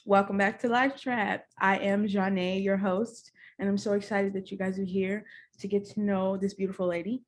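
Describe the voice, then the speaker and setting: A woman's voice: medium pitch, moderate pace. Bubbly young woman podcast host. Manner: bubbly, says she is nervous and excited. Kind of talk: casual interview chat.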